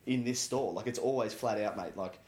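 A man's voice: fairly low pitch, a little fast, darkish tone. A young Australian man co-hosting a podcast, telling a rambling, sweary story about work and acting out his customers' voices. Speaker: podcast co-host. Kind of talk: casual chat. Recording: echoey room, faint noise.

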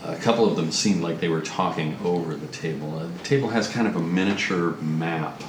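Deep-voiced man narrating a tabletop game. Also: fairly quick. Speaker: game master. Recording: roomy distant recording with noise.

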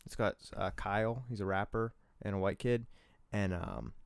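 A young man in a casual podcast chat, excitable and swearing, full of fillers. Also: fairly low pitch, moderate pace, gravelly, clear, resonant tone, dry recording.

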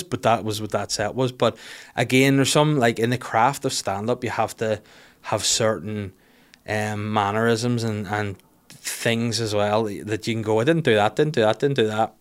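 A man's voice: fairly low pitch, fairly even intonation, normal speed. Man telling stories. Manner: swearing, self-deprecating, acts out voices. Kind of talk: casual storytelling monologue.

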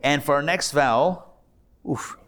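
A man, a rabbi, teaching a live Hebrew reading class in an upbeat, playful way, sounding out letters slowly for his students. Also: a little high, a bit bright. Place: class hall, recorded live.

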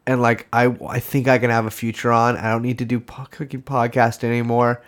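A man co-hosting a comedy podcast who rambles through jokes with mock seriousness. He talks in loose, looping sentences full of restarts and asides. His voice sits at an ordinary pitch for a man. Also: little pitch movement, fairly quick, clean tone. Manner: rambling, mock-earnest joking. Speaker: podcast co-host.

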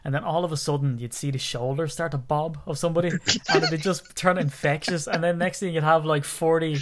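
A chatty man co-hosting a podcast, his voice slightly higher than most men's. He tells stories in an animated, joking way and laughs often. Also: brisk, heavy background noise. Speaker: podcast co-host. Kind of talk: casual chat.

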